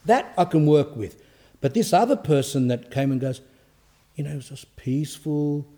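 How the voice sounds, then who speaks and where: A male priest giving an informal, lively sermon, telling stories with acted quotes. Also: on the high side, moderate pace. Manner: animated storytelling with acted quotes.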